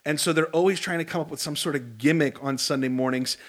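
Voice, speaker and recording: A male pastor delivers a sermon in a lively, conversational style, slipping in humorous asides. His voice sits a little high for a man. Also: fast talker.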